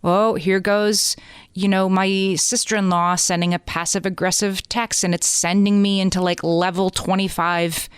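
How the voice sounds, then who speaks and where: A woman's voice: on the low side, flat delivery, moderate pace, few pauses, clean tone, no room sound, clean studio sound. A woman co-hosting a podcast about motherhood, speaking earnestly in casual chat and acting out her own inner thoughts.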